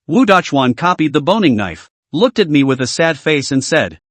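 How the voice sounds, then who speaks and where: Lively male story recap narrator. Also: on the high side, no echo. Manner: first-person storytelling, brisk.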